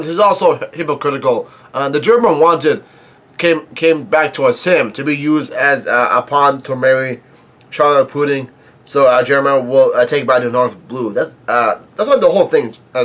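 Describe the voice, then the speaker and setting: A man with a middle-pitched voice chats his way through a comic chapter recap. He rambles loosely, restarts sentences and drops in plenty of fillers. Now and then he stops to cough. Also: a bit bright. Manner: rambling, many ums and restarts. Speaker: manga reaction host. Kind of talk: casual recap and commentary.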